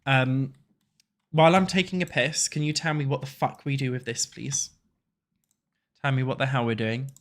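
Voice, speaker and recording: A man's voice: medium pitch, steady tone, normal speed, long pauses. A man with a stuffy, congested voice from a cold chats loosely with his live viewers at his desk. He swears freely and teases the chat. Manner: crude, swearing, joking with chat. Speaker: streamer. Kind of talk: casual livestream chat while playing.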